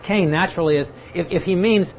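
A man's voice: high-pitched, quick pace, creaky, slight background noise. A man teaching a Bible study, explaining patiently and now and then acting out the people he quotes. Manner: explanatory, acts out quoted speakers. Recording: dull lo-fi recording with faint ambience.

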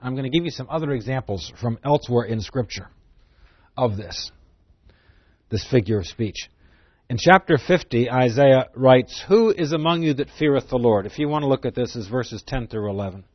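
A man's voice: mid-range voice, normal speed, dry recording, muffled recording. A man giving a Bible teaching sermon. He reads scripture aloud, explains it plainly and poses rhetorical questions in a conversational way. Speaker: preacher.

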